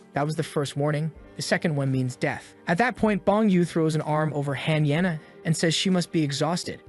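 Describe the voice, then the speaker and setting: A man narrating a comic story recap from a script, with sarcastic asides to the listener. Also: fairly high pitch.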